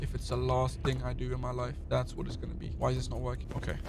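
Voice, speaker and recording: A male streamer giving excitable gaming livestream commentary, talking to his chat and shouting when he panics. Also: mid-range voice, fast, creaky, over loud music.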